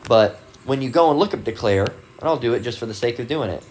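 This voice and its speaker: A man's voice: medium pitch, expressive, fast, slight background noise. A man giving a casual, rambling Bible teaching talk, full of fillers and restarts, and reading dictionary definitions aloud. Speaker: religious video host.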